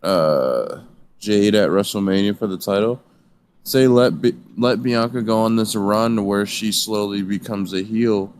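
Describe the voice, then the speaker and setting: A man speaking slowly and with some hesitation as a co-host in a casual chat. He comes through an online call with faint noise behind him. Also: lowish voice, fairly even intonation, a little mellow. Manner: unhurried and hesitant, thinks aloud.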